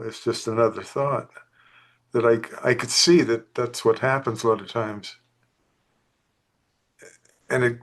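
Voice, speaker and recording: A man's voice: mid-range voice, fairly bright tone. A man speaking thoughtfully in a casual spiritual discussion over a video call. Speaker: group participant.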